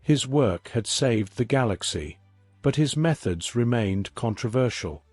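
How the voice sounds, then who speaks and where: A man giving a scripted story narration in a measured, even reading. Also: mid-range voice, no echo, soft background music.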